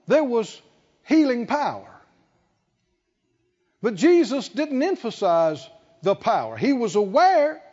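A man's voice: extremely high pitch, a little mellow. A man preaching a sermon, emphatic and rhetorical, stretching out key words. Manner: emphatic, rhetorical questions, drawn-out stresses. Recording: dull sound with long hall reverb.

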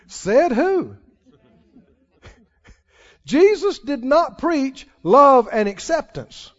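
A man with a very high voice preaches a sermon at an unhurried, deliberate pace, pressing his congregation with questions. The recording is dull and lo-fi. His voice rings out with a long hall reverb. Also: sing-song, fairly bright tone. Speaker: pastor.

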